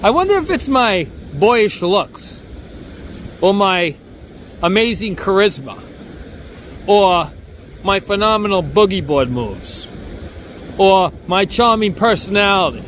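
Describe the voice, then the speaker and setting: A man's voice: high voice, moderate pace, slight background noise. A man with a New York accent talking in a rambling, boastful, joking vlog monologue outdoors near a beach. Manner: boastful, joking, self-mocking, animated. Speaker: bodyboarding vlogger.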